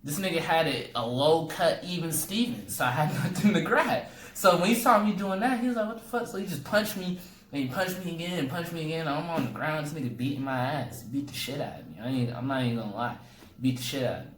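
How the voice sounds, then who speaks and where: Speaking fast in a slightly high, somewhat bright voice, this young comedian recounts a humorous tale casually, mimicking its characters through sudden vocal jumps. Faint noise and echo fill the room.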